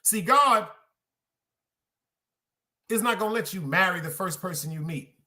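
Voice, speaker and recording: A man hosting a podcast in a high, bright voice, preaching to his listeners with blunt, profane force. He keeps putting questions to the audience and talks in a heavy style. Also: expressive, measured pace. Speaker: podcast host. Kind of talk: casual preaching monologue to a live chat.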